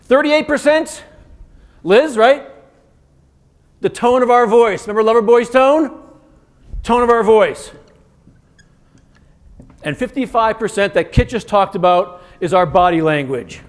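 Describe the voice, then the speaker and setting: A man giving an interactive keynote as a communication coach, energetic and firing quick commands at the audience. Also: high voice. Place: conference stage in a large hotel venue.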